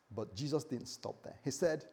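A pastor preaches a sermon in a creaky, husky, mid-range voice. He's animated, swinging between loud bursts and quiet asides, often acting out other people's voices.

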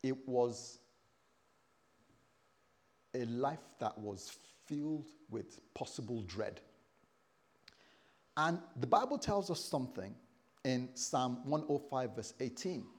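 A man's voice: medium pitch, darkish tone. A man in his fifties preaching a sermon, telling stories with animation and acting out the voices of people he quotes.

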